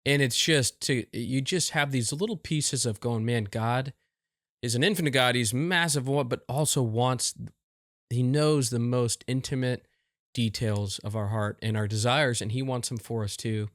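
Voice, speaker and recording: A man's voice: mid-range voice, normal speed, a bit bright, dry recording, clean studio sound. A man hosting a podcast, reflecting and affirming his guest in casual chat. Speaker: podcast host.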